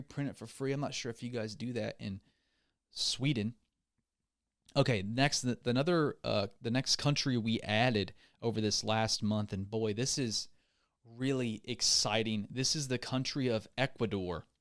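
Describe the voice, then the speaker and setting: A man talking through a comedic podcast monologue at a middling pitch. He wanders off on tangents, corrects himself mid-sentence and pokes fun at his own mistakes, with a goofy, offhand delivery. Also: dry recording, studio quality. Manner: goofy, self-deprecating, digressive, with lots of restarts. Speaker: podcast host.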